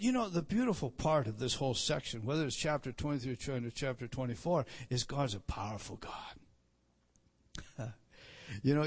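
A middle-aged pastor with a mid-range voice delivers a sermon, repeating phrases for emphasis and swinging between loud declarations and soft asides.

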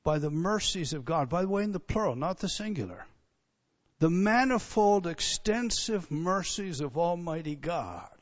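A man preaching a sermon as pastor, emphatic, building up to near-shouts on key points. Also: on the high side, animated, moderate pace. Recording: dull lo-fi sound.

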